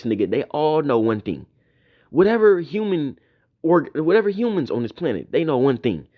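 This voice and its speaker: Profane ranting man, lively pitch swings. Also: moderate pace, highs cut off. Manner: profane, repetitive, mocking tirade. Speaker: YouTube commentator. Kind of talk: ranting commentary video.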